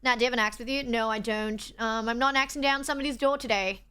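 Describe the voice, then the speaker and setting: Brief: young woman, high and bright, chatty live-stream host, a bit travel-worn. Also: steady tone, quick pace, clean tone. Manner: chatty, reads chat aloud, self-deprecating. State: tired from travel. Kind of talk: casual live-stream chat.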